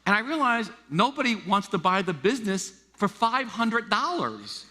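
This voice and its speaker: A middle-aged man from the United States preaching a sermon as a pastor, animated and stammering through restarts as he acts out quoted voices. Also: sits high, normal speed. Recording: long reverb of a large hall.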